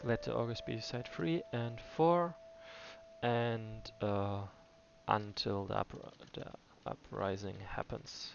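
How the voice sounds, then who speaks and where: A man's voice: fairly low pitch, fairly even intonation, slow pace, creaky. A man giving casual gameplay commentary, thinking aloud with many fillers and restarts. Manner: muses to himself, hesitant with many fillers. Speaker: game player. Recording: dull lo-fi voice with faint music.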